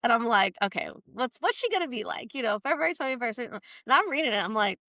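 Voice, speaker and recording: Lively chatty woman telling a story. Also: on the high side, quick pace, no echo. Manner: animated, quotes herself in lively voices; frequent fillers "like". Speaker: podcast co-host. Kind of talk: casual storytelling chat.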